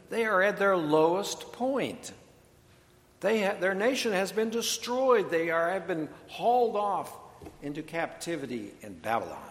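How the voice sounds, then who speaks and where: Slow, measured preacher in an echoing hall. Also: male voice, a little high, a bit bright. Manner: measured, deliberate preaching with dry humor. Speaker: pastor. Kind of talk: sermon. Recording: echoey hall, long reverb.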